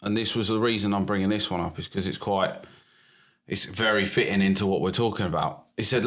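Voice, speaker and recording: An easygoing middle-aged British man co-hosting a podcast. His voice sits somewhat low, and he talks plainly and casually, reading listener messages aloud between chat. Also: a little fast, fairly bright tone. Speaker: podcast co-host.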